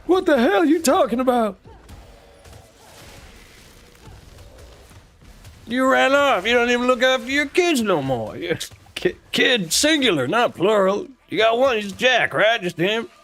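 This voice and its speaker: A man's voice: extremely high pitch, sing-song, moderate pace, fairly bright tone, voice pushed up, heavily acted. A man putting on a drawling American cowboy outlaw. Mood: scolding. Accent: American Western drawl, put on. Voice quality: drawling, rough country grammar.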